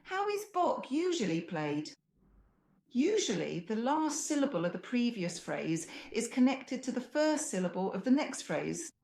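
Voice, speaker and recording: Woman, piano teacher, from Russia, slightly high pitch, patient lesson, faint piano underneath. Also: very animated, unhurried, vocal fry. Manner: patient, illustrative, sings phrases along. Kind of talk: explanatory music lesson. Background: faint piano playing.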